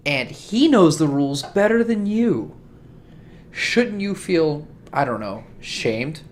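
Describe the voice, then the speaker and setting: A cold, condescending vampire prince, put on by a man running a tabletop game speaks in a low, quiet, measured tone. He lectures with steady disdain, like a ruler scolding his court. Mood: cold approving. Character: stern, condescending young-looking male vampire prince.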